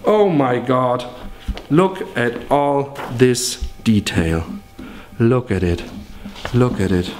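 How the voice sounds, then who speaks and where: A man pitching his own paintings in a joking, exaggerated, profane way, in an echoey room. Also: lively intonation, slow, long pauses, darkish tone.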